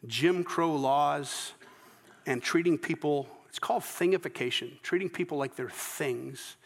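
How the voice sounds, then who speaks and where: A Southern US pastor preaching in a church sanctuary, with a high voice for a man. He tells his story earnestly, stumbling into false starts, and his words trail into a long reverb. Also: a little slow, gravelly. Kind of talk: sermon.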